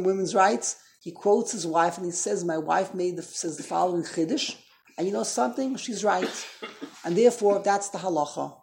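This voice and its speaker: A Torah teacher with a high, creaky, slightly mellow voice leads an informal class conversationally, with slight background noise. He keeps throwing questions to his listeners and corrects himself mid-thought while explaining.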